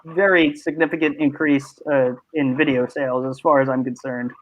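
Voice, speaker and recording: A man hosting a casual online panel chat, talking in animated, rambling bursts. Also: mid-range voice, moderate pace, background noise. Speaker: host. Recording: muffled lo-fi mic.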